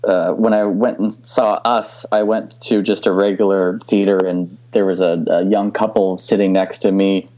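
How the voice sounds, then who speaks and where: A relaxed man co-hosting a podcast, telling a story with a few repeated starts. His voice is low and dark and mellow. The recording sounds dull and lo-fi. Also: normal speed, few pauses. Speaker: podcast co-host. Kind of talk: casual chat.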